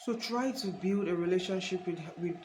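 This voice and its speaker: A woman's voice: fairly low pitch, normal speed, darkish tone, slight background noise, poor audio. A woman giving an earnest, casual faith talk to her viewers, rambling with restarts and calling them honey. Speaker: faith vlogger.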